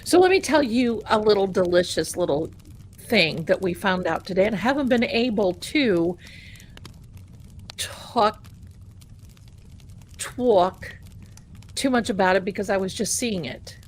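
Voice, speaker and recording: A woman with a Boston accent hosting a tarot livestream, talking in a casual, animated and sarcastic way and repeating phrases for emphasis. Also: mid-range voice, unhurried, pauses often, slight background noise.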